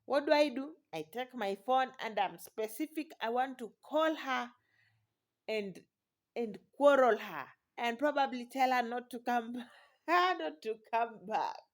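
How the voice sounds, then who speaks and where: A woman's voice: a little high, measured pace. A woman, a new mother, telling a personal story in an exclamatory, dramatic way with frequent laughter.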